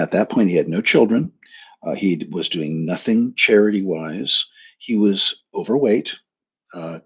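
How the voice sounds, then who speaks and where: Gravelly low-voiced man, frank coach. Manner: frank, blunt, swears casually. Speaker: spiritual coach hosting a live stream. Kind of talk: casual live-stream talk with anecdotes. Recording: dull lo-fi sound.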